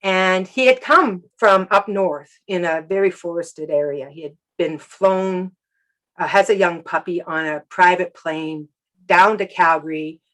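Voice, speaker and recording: A woman who works as an animal communicator, sharing a personal story softly and reflectively in an interview. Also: on the low side, unhurried, rough recording.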